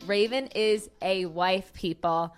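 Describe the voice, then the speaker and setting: A woman's voice: mid-range voice, slow, soft background music. A woman hosting a podcast in casual chat, gushing and effusive, with casual swearing. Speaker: podcast host.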